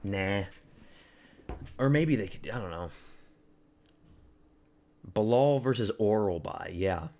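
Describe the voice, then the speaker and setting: A man's voice: fairly low pitch, lively intonation, slow pace, pauses often, a little mellow. Young Canadian man rambling on a stream. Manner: crude, rambling, talks to chat, mocks fighters. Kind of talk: casual live-stream chat.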